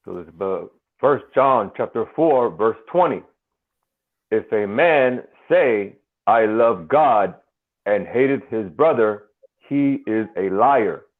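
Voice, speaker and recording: A man reading a scripture passage aloud, slow and deliberate, over a tinny phone line. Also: medium pitch, expressive. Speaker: scripture reader.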